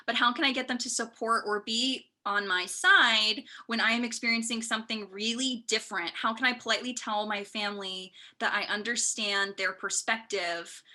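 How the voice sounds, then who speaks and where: A woman coach answering viewers' questions live, animated and quick to laugh, acting out what people say. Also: fairly high pitch. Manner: animated, quotes people in lively voices. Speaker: boundaries coach. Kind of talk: live Q&A teaching.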